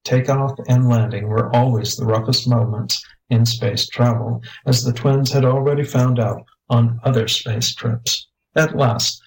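A man's voice: mid-range voice, creaky, darkish tone, low-quality recording. A man steadily reading a children's space adventure story aloud. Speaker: narrator.

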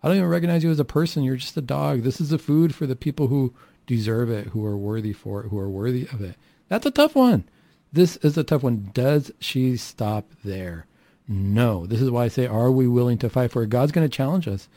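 A man's voice: medium pitch, expressive, normal speed, warm tone, no room sound. A man preaching a sermon who acts out the quoted lines of the people in the story and asks the listeners questions.

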